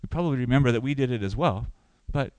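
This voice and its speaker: A man's voice: mid-range voice, fast talker, darkish tone, clear, resonant tone, no room sound, low-quality recording. A man preaching a sermon who asks the congregation questions and lifts his voice for emphasis. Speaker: pastor.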